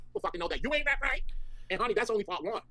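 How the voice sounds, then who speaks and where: Rapid-fire sassy man on a live stream. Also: high-pitched, lively intonation, pushed and bright. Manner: sassy, profane mockery. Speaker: stream co-host. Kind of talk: live stream drama commentary.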